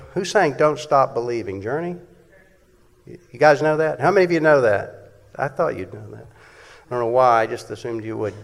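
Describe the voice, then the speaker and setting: Male preacher, emphatic sermon, unhurried delivery, echo from a large hall. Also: mid-range voice. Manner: emphatic, swings between loud and hushed. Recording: echoey hall.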